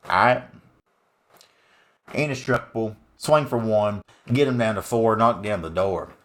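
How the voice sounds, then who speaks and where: A man's voice: fairly low pitch, a little slow, lightly acted. A man putting on a drawling Southern good ol' boy. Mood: folksy. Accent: put-on Southern US. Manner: drawling, hollering, swearing exclamations. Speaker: card game streamer. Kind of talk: gameplay commentary.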